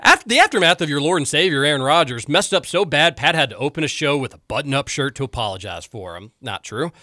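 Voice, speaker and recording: An animated male talk show host whose pitch swings widely as he rants. His voice is bright and forceful, recorded dry and close with no room sound. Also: dry recording. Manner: animated, emphatic and quick to rant. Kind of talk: casual sports talk, reading listener texts.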